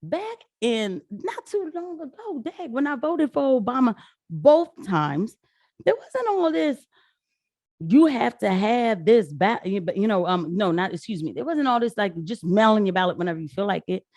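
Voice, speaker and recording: Young woman ranting to her viewers, sarcastic and animated, dry close mic. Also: on the high side, normal speed, no room sound. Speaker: vlogger. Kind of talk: casual political commentary.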